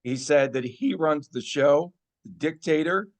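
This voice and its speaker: A man's voice: on the high side, a little slow. Playful man hosting a sports podcast. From Las Vegas. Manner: playful, teasing, mock-outraged. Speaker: podcast host. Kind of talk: casual sports podcast chat.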